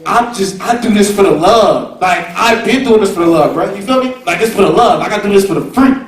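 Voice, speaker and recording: A man's voice: sits high, lively intonation, brisk. A man from the California Bay Area giving a rambling, slang-heavy informal lecture to students in a university hall, repeating himself often. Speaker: guest speaker. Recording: echoey hall, recorded from far off. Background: audience murmur.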